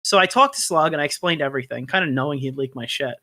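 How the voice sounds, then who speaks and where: A man's voice: on the high side, fast talker, sharp tone, dry recording, studio quality. A man hosting a livestream, chatting casually with a crude, joking manner. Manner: crude, joking, breaks into laughter. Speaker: commentary streamer host.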